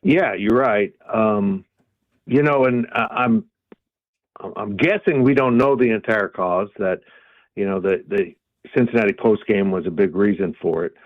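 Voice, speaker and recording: A male guest reporter with a low voice comes through a muffled, lo-fi line. He answers in a measured way, with frequent pauses and hesitations. The sound is dry. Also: no echo. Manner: measured, many ums and uhs. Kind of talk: radio phone interview.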